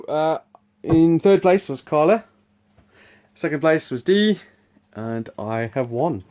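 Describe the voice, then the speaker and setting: Chuckling as he goes, a man walks through a board game in a loose, rambling preview, often starting sentences over. His voice is mid-range with a dark tone.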